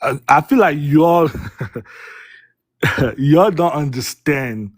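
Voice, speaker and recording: A man's voice: on the high side, slow pace, dry recording, clean studio sound. A man speaking English as a second language, debating on a panel, emphatic and repetitive, with mocking sighs. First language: not English.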